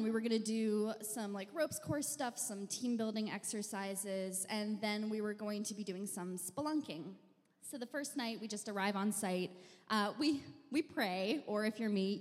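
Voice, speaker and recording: A young woman telling a funny personal story on stage in a wry, self-mocking, deadpan way. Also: mid-range voice. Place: live venue stage. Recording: long hall reverb.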